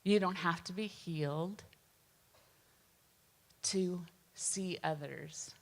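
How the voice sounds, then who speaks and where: Slow, gentle woman in a reverberant hall. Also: on the low side. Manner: slow, gentle and earnest, with soft pauses. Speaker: speaker sharing a personal testimony. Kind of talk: personal testimony talk.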